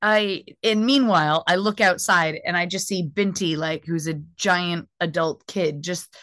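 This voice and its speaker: A woman's voice: fairly low pitch, a little slow, no room sound. Young american woman comic telling a story, lots of laughing, acts out what people said, dry close sound. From United States. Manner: animated, laughs often, acts out quotes. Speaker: stand-up comedian. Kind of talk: casual chat, storytelling.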